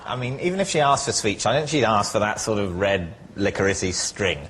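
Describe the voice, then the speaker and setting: A man who is a team captain on a comedy panel show, speaking in a sardonic, deadpan way. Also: on the low side, fairly quick, a little hiss or hum. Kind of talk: comic panel show banter. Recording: loud studio audience ambience.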